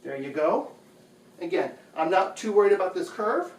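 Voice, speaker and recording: Man, slightly high voice, chatty how-to host, echoey bedroom, mic set back. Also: big pitch swings, moderate pace. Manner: chatty, patient, repeats phrases. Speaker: home video host. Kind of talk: casual how-to demonstration. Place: bedroom at home. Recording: echoey room, distant mic.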